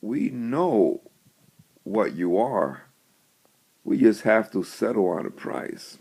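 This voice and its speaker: Blunt wealthy tycoon, played by a man: dark, husky, matter-of-fact. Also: a little high, wildly swooping pitch, slow, pitched above the performer's own voice, exaggerated voice. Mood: cold.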